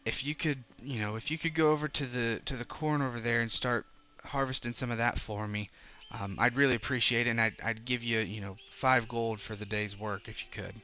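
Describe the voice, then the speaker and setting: A friendly halfling farm woman, folksy and a bit flustered, a mother who apologizes easily, put on by a man. The voice is bright and forward, like a tabletop game master's own. She talks in homespun phrases. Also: medium pitch, fairly even intonation, a little fast, few pauses, dull audio, lightly acted.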